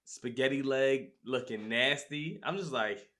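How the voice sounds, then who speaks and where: A man on a podcast telling a story in a lively way and acting out his own reactions. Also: mid-range voice, unhurried. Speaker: podcast host. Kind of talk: casual storytelling chat.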